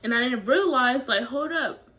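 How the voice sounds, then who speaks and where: A young woman talks straight to her viewers in a personal storytime vlog. Her voice sits a little on the high side. Her delivery is casual, candid and confessional. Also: lively intonation, normal speed, bright, forceful tone, rough recording. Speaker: vlogger.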